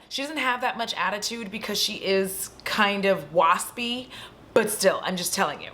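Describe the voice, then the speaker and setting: A woman's voice: mid-range voice, normal speed. A woman vlogger at home, retelling a horror movie in a casual, profane way with chatty asides to her viewers. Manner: animated, swears freely, chatty asides to viewers.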